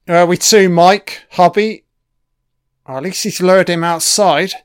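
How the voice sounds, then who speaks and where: A man's voice: high-pitched, steady tone, unhurried, clear, resonant tone, no echo, studio quality. A man giving a casual, profane commentary on a film, swearing constantly and cheering at the screen.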